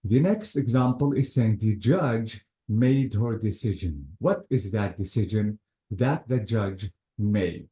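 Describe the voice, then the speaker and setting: Speaking slowly, a man who teaches English walks through grammar examples with methodical patience, repeating the same cue words along the way. His voice sits fairly low and sounds mellow, and the echoey room gives the audio a spacious feel.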